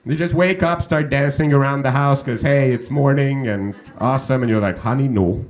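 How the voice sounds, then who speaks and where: A man's voice: mid-range voice, steady tone, normal speed. A man doing stand-up crowd work on a comedy club stage, teasing the audience with chatty questions into a handheld mic.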